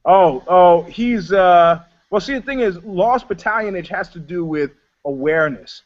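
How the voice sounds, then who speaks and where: A man co-hosting a casual chat, telling stories loudly and profanely and acting out the people in them. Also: high voice, unhurried. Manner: profane, animated storyteller acting out quotes. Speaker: podcast co-host. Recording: dull lo-fi podcast audio.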